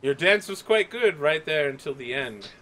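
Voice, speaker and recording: Prim haughty noblewoman voiced by a man, formal and a bit condescending, brightish tone. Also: on the high side, lively intonation, moderate pace, pitched above the performer's own voice. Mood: disdainful. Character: haughty noblewoman, cool and reserved.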